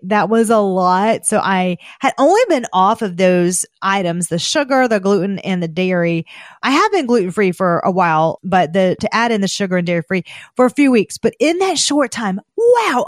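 A chatty woman with a Southern American accent talks casually, bursting into excited exclamations. Her voice sits at an ordinary middle pitch. It is recorded close and dry, with no room sound. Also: no echo. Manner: chatty, gushing, animated exclamations. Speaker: esthetician podcast host. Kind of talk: casual chat.

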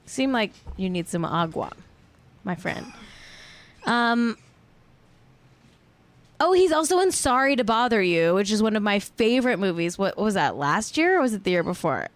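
A woman's voice: mid-range voice, no room sound. A young woman hosting a podcast in casual chat, a little tipsy, rambling and giggly with lots of fillers. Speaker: podcast host.

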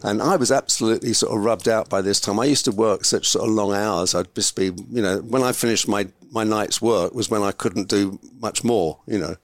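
A man's voice: fairly low pitch, a little fast, hardly any pauses, no room sound. An older man, a podcast guest, telling a long rambling anecdote and acting out the voices of the people in it. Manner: rambling, animated, acts out quoted voices. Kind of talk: casual storytelling.

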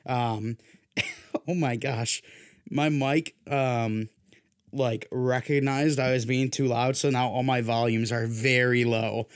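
A man's voice: medium pitch, fairly even intonation, takes it slowly, clean tone. A young man hosting a casual sports podcast, his voice worn down, joking loosely and pushing himself to sound hyped. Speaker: podcast host.

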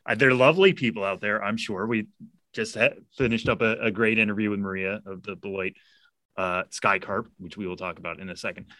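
A man's voice: lowish voice, fairly even intonation, fairly quick, bright, forceful tone, no echo. A man co-hosting a casual podcast, wry and laughing as he talks. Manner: wry, laughing, self-aware. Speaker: podcast co-host.

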